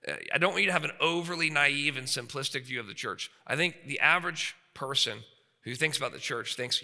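Male pastor, 30s, animated sermon delivery, sharp tone, echoing hall. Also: fairly high pitch, brisk. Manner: animated, shifts between loud and quiet. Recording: long hall reverb.

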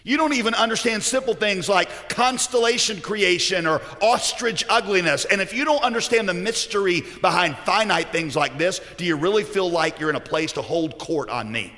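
A preacher voicing God, firing challenging questions. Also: male voice, sits high, moderate pace, hardly any pauses, bright, forceful tone, long reverb tail. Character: God, questioning and teasing Job.

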